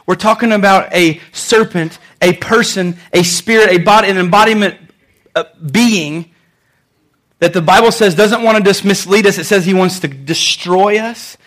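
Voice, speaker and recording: A man's voice: sits high, fairly bright tone. A male pastor delivering a sermon in an emphatic, conversational way, repeating words for effect.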